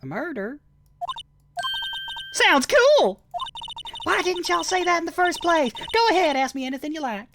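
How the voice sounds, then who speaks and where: A man's voice: extremely high pitch, sing-song, a little slow, long pauses, music in the background, pitched above the performer's own voice, exaggerated voice. Man doing a twangy, boisterous Southern gal. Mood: friendly, eager. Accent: American Southern. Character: brash loud Southern young woman photographer. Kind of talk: voice-acted game playthrough.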